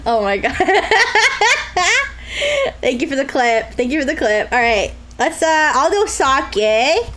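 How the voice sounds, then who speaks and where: A young woman streamer talks over a game in a high voice that climbs and dives all over. She jokes crudely with her viewers, laughs often and slips into mock sobbing. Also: very animated, slow pace, a bit bright, rough recording. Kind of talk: live-stream gameplay commentary.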